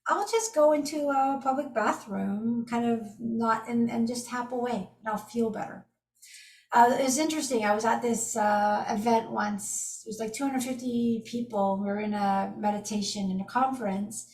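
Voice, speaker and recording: A woman's voice: on the high side, normal speed, recorded from a distance. A middle-aged woman teaching an energy healing method in an enthusiastic, casual storytelling way. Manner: enthusiastic, storytelling with lively asides. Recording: echoey room, from off the mic.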